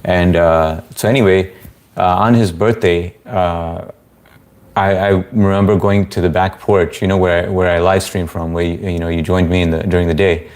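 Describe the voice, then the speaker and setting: Low-voiced man hosting a casual live stream. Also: steady tone, normal speed, darkish tone. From Indian family background. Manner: laid-back, rambling, many fillers. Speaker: livestream host. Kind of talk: casual live chat reading comments.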